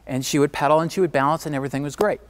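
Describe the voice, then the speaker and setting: A middle-aged man giving a motivational keynote, telling a story emphatically and dropping to a hush at times. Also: a little high, fairly even intonation, racing. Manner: emphatic, swings from driving to hushed.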